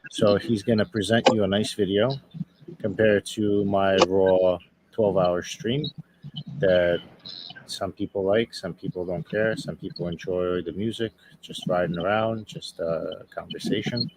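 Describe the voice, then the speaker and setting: A man hosts a casual livestream panel, speaking low and deep and taking his time to explain his point of view. Loud steady noise sits behind his voice throughout. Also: a little slow. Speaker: stream host. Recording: heavy background noise.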